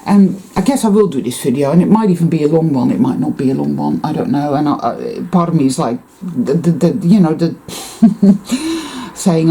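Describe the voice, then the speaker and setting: A woman with a lowish, mellow voice that swings widely up and down as she rambles to her viewers. She swears freely and breaks off with heavy sighs, and her talk stays intense and unscripted. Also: lively intonation, normal speed. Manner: profane, intense, sighing. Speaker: spiritual vlogger. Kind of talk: rambling monologue to camera.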